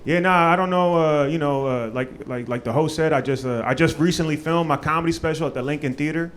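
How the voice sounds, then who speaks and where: Dude doing standup in a club, loose and cussing a lot, a little high voiced, noisy hiss behind. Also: male voice, a little fast. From Maryland, USA. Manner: loose, profane, filler-heavy. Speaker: stand-up comedian. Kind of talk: stand-up comedy set. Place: comedy club stage.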